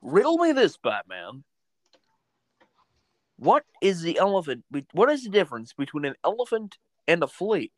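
A man's voice: sits high, wildly swooping pitch, normal speed, no room sound. A man doing a put-on British accent, playing a jokey talk-host as a campy comic-book villain. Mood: riddling. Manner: exaggerated, campy, mock-theatrical. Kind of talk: comedic impression.

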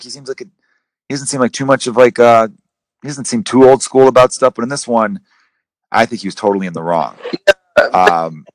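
A man hosting a casual sports podcast, rambling and animated, with some swearing. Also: mid-range voice, no room sound. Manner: rambling, profane, animated retellings. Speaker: podcast host.

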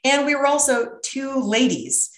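A woman's voice: sits high, measured pace. Brash middle-aged woman, echoey room. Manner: brash, profane, animated storyteller. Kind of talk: casual storytelling.

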